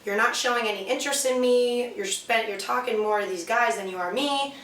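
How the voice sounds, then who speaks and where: A woman's voice: on the high side, a little fast, slight background noise. Young woman telling a profane story, echoey. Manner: candid, profane, lively storytelling. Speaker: vlog co-host. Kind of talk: casual storytelling. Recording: echoey room, mic far off.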